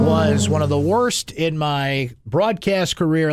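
A man hosting a sports talk radio show, animated, swinging between loud shouts and hushed asides. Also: a little high, unhurried, over music. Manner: animated, bursts into loud shouts then drops to whispers.

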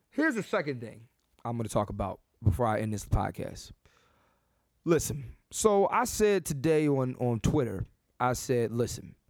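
A man in his thirties hosting a comedic solo podcast, brash and animated, with lots of restarts and repetition. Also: mid-range voice, dry recording, clean studio sound. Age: 30s. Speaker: podcast host.

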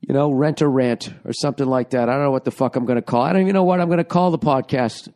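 A man's voice: mid-range voice, fast, mellow. A middle-aged man hosting his own podcast, rambling and sarcastic as he swears his way through a casual monologue, recorded at home. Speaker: podcast host.

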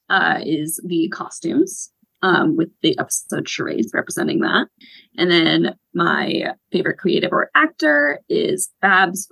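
A woman's voice: lowish voice, gravelly, fairly bright tone, no room sound, rough recording. A woman joining a podcast panel as a guest, reading out her picks in casual chat.

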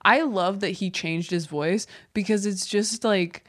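A woman co-hosting a casual chat, animated and opinionated, peppering her talk with "like.". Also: medium pitch, unhurried, dry recording, studio quality. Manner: animated and opinionated, heavy use of "like". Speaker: podcast co-host.

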